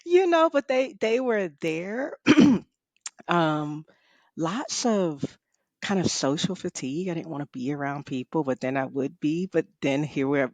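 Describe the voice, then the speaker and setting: A middle-aged woman and author, a guest telling a personal story in a conversation, expressive, laughing often and saying "you know" a lot. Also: on the low side, no echo. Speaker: author and rest coach, guest.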